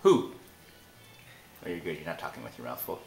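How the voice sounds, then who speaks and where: A man's voice: extremely low pitch, brisk, vocal fry, over music. A man filming his child at home, chatting playfully and asking the same question again and again. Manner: playful, teasing, repeating questions. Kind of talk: casual home video chat. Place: family home. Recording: echoey, noisy home camcorder recording.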